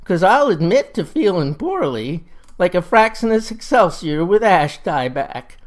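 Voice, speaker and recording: A man's voice: high voice, very animated, unhurried. A man voicing a rambling, drunken older man who is oddly pedantic about wood. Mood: woozy.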